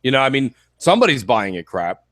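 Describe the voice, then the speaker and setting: Fast-talking male gaming show co-host. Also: mid-range voice, big pitch swings, a bit bright, no room sound, studio quality. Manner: fast, opinionated banter. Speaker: podcast co-host. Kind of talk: casual gaming chat.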